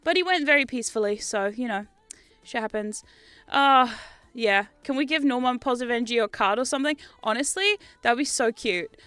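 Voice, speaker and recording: Young woman streamer with a bright, crisp voice, dry and close. Chatty, rambling and animated, swears freely. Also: on the high side, fairly quick, dry recording. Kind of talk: casual chat stream.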